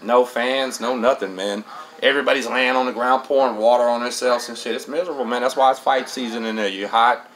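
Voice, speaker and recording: A man's voice: medium pitch, steady tone, fairly quick, fairly bright tone, a little hiss or hum, low-quality recording. A middle-aged man hosts a casual storytelling monologue, streetwise and profane, dropping "man" into nearly every line. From Texas. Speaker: host.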